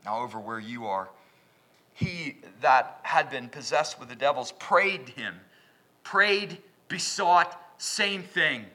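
A man preaching a sermon in a church, swinging from loud, emphatic bursts down to hushed whispers. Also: medium pitch, lively intonation, takes it slowly.

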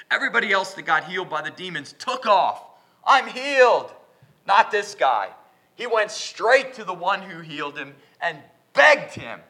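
A man preaching a sermon in a church, swinging from loud, emphatic bursts down to hushed whispers. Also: sits high.

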